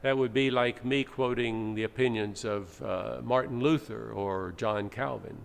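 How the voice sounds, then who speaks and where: A pastor's smooth yet creaky medium-pitched voice moves a little slowly through a sermon. He takes an explanatory, teacherly approach with dramatic readings, recorded in an echoing church sanctuary with faint background noise.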